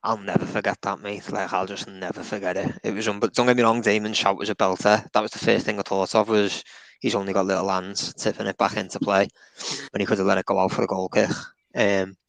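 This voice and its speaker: A man's voice: lowish voice, little pitch movement, fast talker, gravelly, a bit bright, no echo, low-quality recording. A man chatting as a podcast guest, casual and sweary, calling people mate. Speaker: panel guest. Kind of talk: casual football podcast chat.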